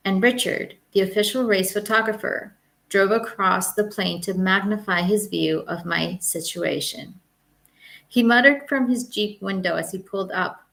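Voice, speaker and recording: A woman's voice: medium pitch, vocal fry, a bit bright. Woman reading a wry memoir. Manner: wry, measured storytelling. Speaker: author reading her memoir. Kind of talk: audiobook memoir narration.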